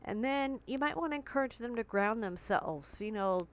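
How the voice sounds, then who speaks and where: A woman's voice: fairly high pitch, animated, normal speed, few pauses. A woman vlogging candidly and conversationally from her bedroom, recording on a tablet, with vivid comparisons. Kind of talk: personal talk to camera.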